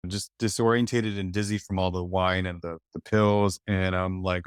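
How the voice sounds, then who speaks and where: Low, smooth-voiced storytelling man. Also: little pitch movement, no room sound, studio quality. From East Los Angeles. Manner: reflective, halting, many "like" fillers. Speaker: podcast guest. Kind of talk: personal storytelling.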